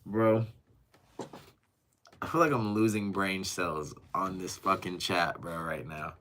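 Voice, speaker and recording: Low-voiced man reading stream chat. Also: slow, fairly bright tone, a little hiss or hum. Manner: reads chat messages aloud and reacts, swearing. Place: rented apartment.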